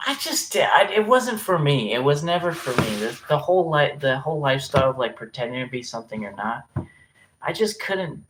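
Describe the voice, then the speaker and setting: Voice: mid-range voice, sing-song, a little fast, background noise. Rambling, swearing livestreamer reading chat. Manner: rambling, self-interrupting, reacting to chat messages; swearing freely.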